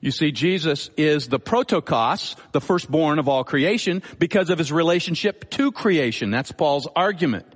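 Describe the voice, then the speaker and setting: Man, pastor, sermon, measured teaching, emphatic repetition, slightly high voice, long hall echo. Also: lively intonation.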